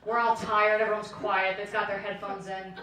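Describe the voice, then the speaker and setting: A woman in her late twenties performing a stand-up set, telling self-deprecating stories in an animated way. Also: medium pitch, normal speed. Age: late 20s. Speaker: stand-up comedian. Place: comedy club stage with audience laughter. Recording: echoey room, distant mic, audible noise.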